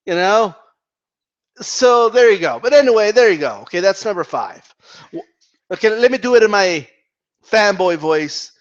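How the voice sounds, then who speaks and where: A man giving casual commentary on a vlog, animated and profane, rambling and restarting his sentences. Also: sits high, normal speed. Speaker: boxing commentator.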